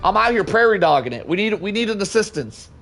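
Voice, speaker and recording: A man hosting a live game stream and chatting with his viewers in a loud, excitable, joking way, swearing freely. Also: high-pitched, quick pace, gravelly, soft background music. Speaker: livestream host. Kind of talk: casual live gameplay commentary.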